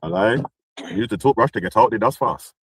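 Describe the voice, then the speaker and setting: A man's voice: fairly low pitch, fast talker, husky, no room sound, poor audio. A man hosting a casual talk stream, mocking and swearing, often laughing. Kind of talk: heated casual commentary.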